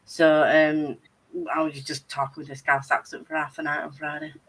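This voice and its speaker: A woman's voice: deep voice, little pitch movement, normal speed, a bit bright. A young adult woman hosting a casual chat, rambling along and swearing freely. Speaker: host.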